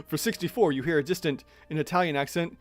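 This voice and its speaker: A man's voice: on the high side, moderate pace, faint music behind. Chatty man running a tabletop battle. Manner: chatty, thinks aloud, reads rules mid-turn. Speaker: game master. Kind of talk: narrating a tabletop battle livestream.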